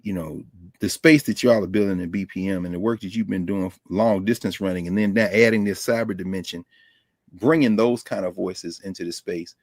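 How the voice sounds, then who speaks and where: A man's voice: low voice, brisk, dry recording. Guy telling stories as a guest over a call mic, does voices for folks he quotes, dry close sound. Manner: animated storyteller, acts out quoted voices. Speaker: guest scholar. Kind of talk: storytelling interview talk. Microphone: remote call microphone.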